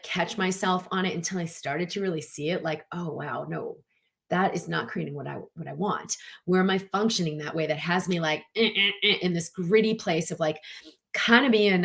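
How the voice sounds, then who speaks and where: A middle-aged woman leading a live online event, talking in a chatty, animated way with lots of fillers and acted-out quotes. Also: mid-range voice. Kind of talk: casual motivational talk.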